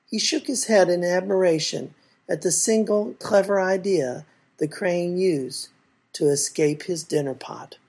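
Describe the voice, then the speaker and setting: A woman reading a folk tale aloud in a measured, expressive way. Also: fairly low pitch, husky. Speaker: storyteller.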